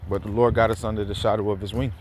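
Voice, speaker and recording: A man's voice: on the low side, level tone, very fast, darkish tone, slight background noise. A man giving casual, heated commentary while out walking, rambling with fillers and repeats, swearing freely. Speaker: scripture commentator. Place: outdoors, walking around a neighborhood.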